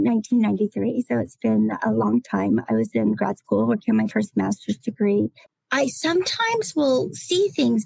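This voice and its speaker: Husky middle-aged woman, gravelly and reflective. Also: fairly high pitch, a little mellow, no room sound, low-quality recording. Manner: reflective, halting, at times emotional. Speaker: podcast panel guest. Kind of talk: casual chat.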